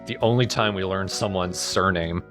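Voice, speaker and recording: A man's voice: low voice, moderate pace, music in the background. A man casually commentating a game he is playing, explaining its mechanics and laughing easily. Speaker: let's play host.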